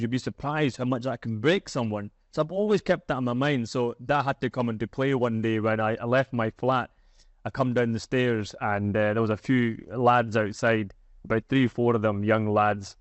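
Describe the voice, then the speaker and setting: A man's voice: mid-range voice, dry recording. Scottish guy, broad accent, chatty podcast guest telling a story, dry close sound. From Scotland. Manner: chatty, laughs while telling stories. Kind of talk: casual storytelling.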